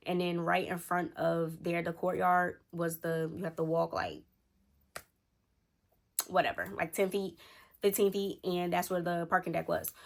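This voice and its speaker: Gravelly young woman telling a story. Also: on the low side. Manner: animated, acts out quotes from friends. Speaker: storytime vlogger. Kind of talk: casual storytelling to viewers.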